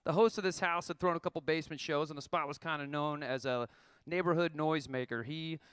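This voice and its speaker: A man's voice: a little high, brisk, a bit bright, clean tone, dry recording. A man in his thirties telling a wry, profane story about his band's tour, reading a prepared account to an audience. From Oklahoma.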